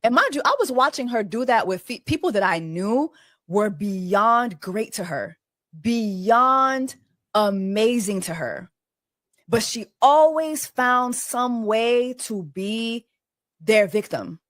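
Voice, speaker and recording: A woman co-host telling stories in a sassy, expressive way during a casual chat. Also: fairly high pitch, takes it slowly, no echo, clean studio sound.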